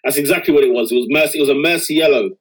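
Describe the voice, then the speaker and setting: A man's voice: a little high, rapid-fire. A man bantering with friends, teasing and emphatic. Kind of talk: casual banter.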